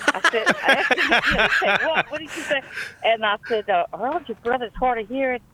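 A woman's voice: a little high, fast talker, sharp tone. A woman with a Louisiana accent, calling in to a talk show and telling a family story in a chatty, rambling way. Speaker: caller. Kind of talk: call-in phone chat. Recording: tinny phone line.

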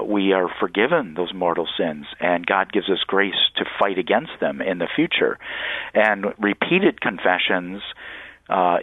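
Man with a very low voice, priest guest, earnest and halting, tinny phone line. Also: no echo. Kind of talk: radio call-in teaching on faith.

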